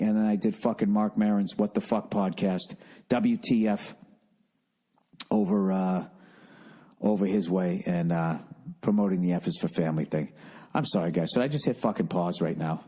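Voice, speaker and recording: A man's voice: fairly low pitch, brisk, dark tone. A middle-aged man with a Boston accent hosting a solo podcast, rambling in a profane, self-mocking and distracted way. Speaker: podcast host.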